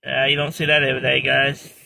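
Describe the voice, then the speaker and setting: A man's voice: fairly high pitch, steady tone, slow pace, vocal fry, bright, forceful tone, slight background noise. A man filming and commenting in an amused, encouraging way.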